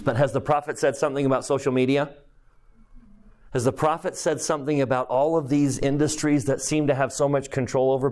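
A man's voice: mid-range voice, a little mellow. A man teaching a scripture class, reading verses aloud and repeating key phrases for emphasis. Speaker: religion teacher.

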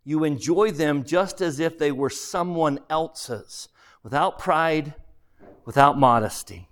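A man's voice: on the high side, slow pace. A man leading a class discussion of a book, reading aloud and asking the group questions. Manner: questioning, animated.

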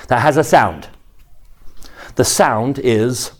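A middle-aged man teaching a scripture lesson in a classroom, animated and emphatic, putting questions to his class. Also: medium pitch, a little slow, pauses often.

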